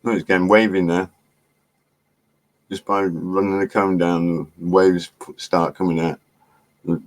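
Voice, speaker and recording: Middle-aged man, very deep voice, casual rambling live-stream host, laughs and swears. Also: dry recording. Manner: chatty, laughing, swearing, distracted by chat. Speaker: livestream host.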